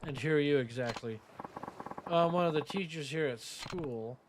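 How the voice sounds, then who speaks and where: A man's voice: on the high side, normal speed, background noise, close to an everyday voice. A man reading as a scornful schoolteacher. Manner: reading game subtitles aloud. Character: rude dismissive male schoolteacher.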